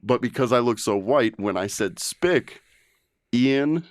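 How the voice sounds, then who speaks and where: A man's voice: mid-range voice, expressive, a little slow, dry recording. A man from Texas hosting a casual comedy podcast, laughing often and swearing freely as he tells stories. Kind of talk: casual chat.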